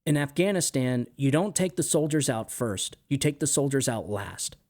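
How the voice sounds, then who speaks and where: A man hosts a political commentary show at a mid pitch. He talks emphatically and repeats his key points for weight. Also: lively intonation, moderate pace, a little mellow. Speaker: show host.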